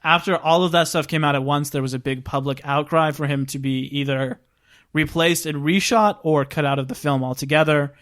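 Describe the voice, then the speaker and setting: A man's voice: a little high, fairly even intonation, a little fast, fairly bright tone. A man co-hosting a podcast, casually recounting background stories with lots of filler "like". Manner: recounting production background in a chatty, informal way with frequent "like". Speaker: podcast co-host.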